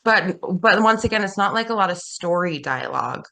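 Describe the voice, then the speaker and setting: A woman interviewed in a casual chat, talking in a relaxed, rambling way with many restarts. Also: on the low side, moderate pace, creaky. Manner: relaxed, rambling, laughs often. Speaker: interview guest, content creator.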